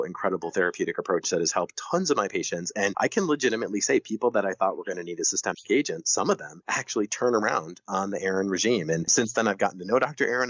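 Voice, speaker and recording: A man, a dermatologist guest, telling clinical stories in an animated way and acting out dialogue with sudden jumps in pitch. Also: husky, no echo, lo-fi sound. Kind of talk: storytelling interview answers.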